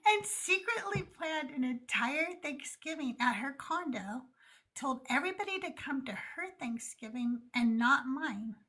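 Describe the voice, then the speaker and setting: A woman hosting a casual podcast chat, telling stories in an animated way and swearing freely. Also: high-pitched, measured pace. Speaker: podcast host.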